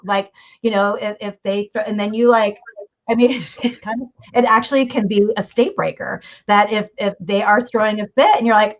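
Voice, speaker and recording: Animated woman coach on lo-fi audio. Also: medium pitch, moderate pace. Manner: animated, acts out quoted voices. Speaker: communication coach, interview guest. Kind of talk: casual advice interview. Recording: dull lo-fi audio.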